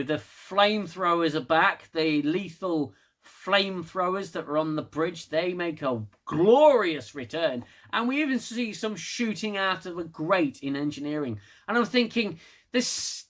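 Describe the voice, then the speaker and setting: A man's voice: fairly high pitch, pushed and bright. A British man casually recapping a TV episode with sarcastic, laughing asides. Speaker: TV episode reviewer.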